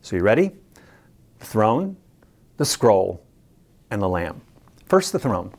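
A preacher delivers a teaching sermon in an animated voice that swoops up and down in pitch. The delivery is emphatic and deliberate, and key words are repeated for weight. Questions go straight to the listeners. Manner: addresses listeners directly with questions.

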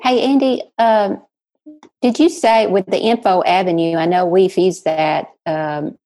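Slow, mellow-voiced woman asking a question. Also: fairly low pitch, steady tone. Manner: hesitant, searching for words. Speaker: webinar attendee asking a question.

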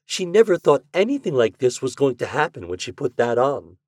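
A man voicing a kindly, sympathetic married woman who speaks softly and gently pleads. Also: medium pitch, big pitch swings, a little fast, no room sound, clean studio sound, voice pushed up. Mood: tender.

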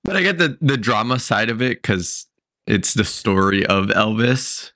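A man's voice: on the low side, expressive, a little slow, pushed and bright, no echo, studio quality. A man on a podcast panel, chiming in with brief, agreeable remarks. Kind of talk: casual chat.

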